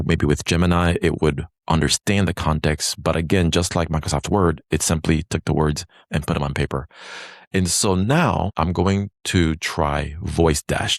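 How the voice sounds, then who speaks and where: A man who works as a lawyer and mediator, walking step by step through dictation software and reading sample text aloud. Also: deep voice, vocal fry, dry recording, studio quality. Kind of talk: screen-recorded software demo.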